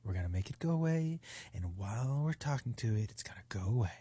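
A kooky male dentist in a low, breathy hush, shushing and cooing to a patient's teeth, as a man puts him on. The voice sits well below the speaker's usual pitch and stays soft and slow. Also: animated, dry recording. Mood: hushed soothing. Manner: hushed, soothing, shushing.

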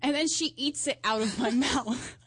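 A woman co-hosting a studio talk show with a fairly high voice. She tells stories in an animated way and often breaks into laughter. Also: moderate pace, husky, dry recording. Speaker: co-host. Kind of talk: casual explicit chat.

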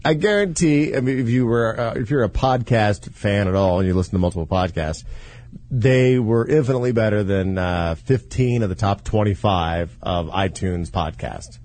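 A man's voice: fairly low pitch, moderate pace, darkish tone, no echo. A man hosting a call-in radio show, joking sarcastically and swearing in casual banter. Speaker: radio show host taking calls.

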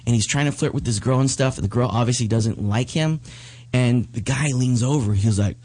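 Husky man telling animated stories. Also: mid-range voice, fairly quick. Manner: animated storyteller, acts out quoted voices. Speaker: magician turned comedian. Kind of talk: casual chat.

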